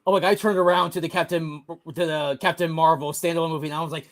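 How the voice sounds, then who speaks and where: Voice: medium pitch, steady tone, fast. A podcast co-host in casual chat, laughing often and tossing in jokey asides.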